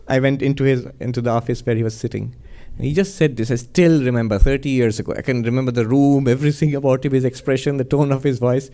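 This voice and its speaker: A man, a monk, giving a spiritual talk in a gentle, reflective storytelling manner, often chuckling. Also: mid-range voice, steady tone, fast talker.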